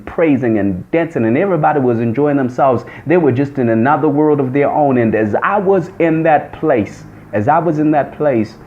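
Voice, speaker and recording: A man's voice: on the high side, darkish tone. A man telling a personal testimony in an emphatic, repetitive storytelling manner. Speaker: testimony speaker. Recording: dull lo-fi recording.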